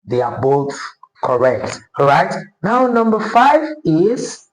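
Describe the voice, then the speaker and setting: A man teaching English pronunciation, deliberate and repetitive, often checking in with his listeners. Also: fairly high pitch, sing-song. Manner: deliberate, repeats words and checks in with "okay?". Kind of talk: classroom-style pronunciation lesson. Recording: roomy echo.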